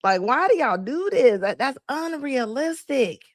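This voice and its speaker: A woman commenting live to her chat, animated and laughing often as she mocks the people she quotes. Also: high voice, a little slow, no echo, clean studio sound. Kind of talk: reaction stream talking to chat.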